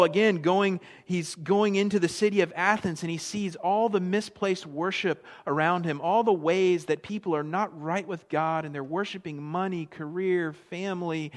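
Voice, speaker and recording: A middle-aged man preaching a sermon to his audience, with a conversational manner and frequent questions to them. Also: high voice. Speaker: pastor. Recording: long reverb of a large hall.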